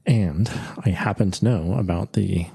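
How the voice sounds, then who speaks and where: A man's voice: sits low, unhurried, vocal fry, mellow, breathy edge. A man co-hosting a podcast, putting in brief, dry remarks. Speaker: podcast co-host. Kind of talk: casual podcast chat.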